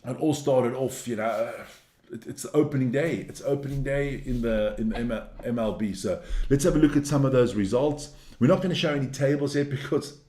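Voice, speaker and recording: A man's voice: mid-range voice, a little mellow, reverberant. A man hosting a sports news show, reading through results in a casual, blunt and opinionated way, ranting and cursing as he goes.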